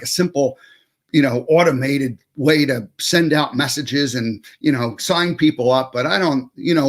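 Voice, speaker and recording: A man hosting a casual online talk show over a video call, rambling loosely with plenty of fillers and restarts. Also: medium pitch. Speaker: show host.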